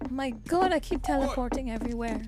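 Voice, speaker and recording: A woman's voice: sits high, expressive, fairly quick, heavy background noise. A woman streaming a game in casual commentary, exasperated and self-mocking.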